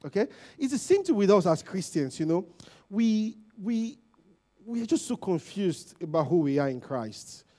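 A man giving a conversational sermon as a lay preacher, often checking in with "okay?" and "you know", rising loud at emphasis and trailing off low. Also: very animated, normal speed.

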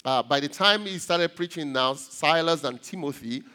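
A man preaching a sermon, halting with many repeated words and rising emphatically on key points. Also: a little high, sharp tone, soft background music. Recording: long reverb.

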